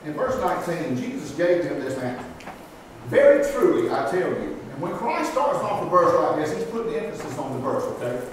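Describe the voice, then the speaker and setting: A man's voice: a little high, big pitch swings, brisk, hardly any pauses, a bit bright. A man, preaching a folksy, plain-spoken sermon and asking the congregation rhetorical questions. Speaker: pastor. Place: church sanctuary. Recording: echoey hall from far off, faint noise.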